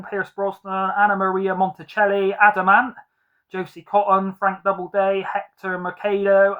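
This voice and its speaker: A man's voice: sits high, fairly bright tone. Man, film collector, casual review chat, rambling, lots of fillers. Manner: rambling, frequent ums and likes.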